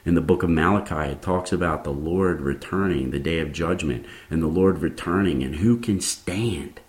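A man's voice: a bass voice, a little fast, roomy sound. A man hosting a Christian podcast, preaching in an earnest, rambling way with many restarts and fillers.

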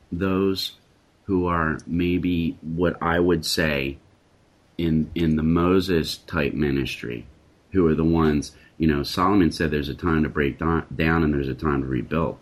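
A man hosting a Christian talk discussion, speaking in an emphatic, preacherly way and repeating phrases for force. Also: deep voice. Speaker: Christian talk show host.

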